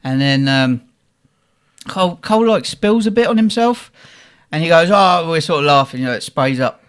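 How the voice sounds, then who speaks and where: A man's voice: a little high, normal speed, clean tone. Laughing slangy storyteller man. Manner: laughs often, slangy and animated. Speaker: podcast host. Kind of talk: casual storytelling.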